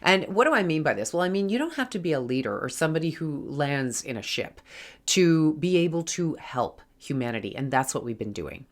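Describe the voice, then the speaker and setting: A middle-aged woman with a low voice talks straight to her viewers in a spiritual vlog. She sounds earnest and reassuring and keeps calling them her friends. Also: sing-song, fairly quick. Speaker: spiritual vlogger. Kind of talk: casual spiritual talk to camera.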